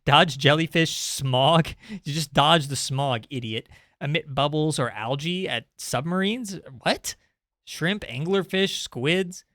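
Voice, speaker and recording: A man's voice: a little high, slow, fairly bright tone, no room sound, clean studio sound. A young man streaming indie games, chatting casually and sarcastically while reading the game's text aloud. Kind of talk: casual live-stream commentary.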